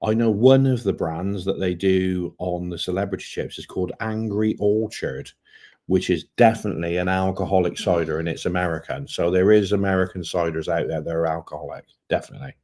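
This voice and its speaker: A man co-hosts a relaxed travel live stream. His voice is very low and mellow. He chips in with short, dry, teasing remarks alongside his co-host. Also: a little fast. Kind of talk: casual live-stream chat.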